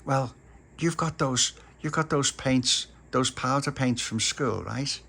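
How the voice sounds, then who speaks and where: A man's voice: mid-range voice, vocal fry, fairly bright tone, slightly rough, pitched above the performer's own voice, full character voice. A man voicing an eager, bossy little boy, spinning a children's story. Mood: persuasive. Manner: bossy, persuasive, drawn-out emphasis.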